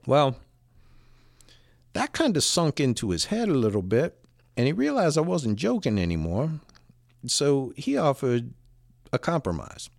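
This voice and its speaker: Animated man spinning a salty yarn. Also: a little high, unhurried, no echo, studio quality. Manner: animated, salty, with frequent restarts. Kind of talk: casual first-person storytelling.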